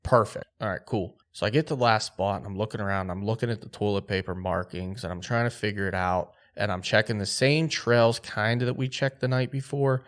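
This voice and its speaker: A man telling a hunting story on a podcast, animated and acting out quotes. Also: lowish voice, fairly quick, few pauses. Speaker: podcast host.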